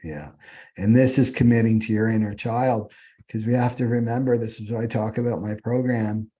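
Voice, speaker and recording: Male astrologer, low husky voice, rambling unscripted teaching style. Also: dark tone. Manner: rambling, repeats "right?" often.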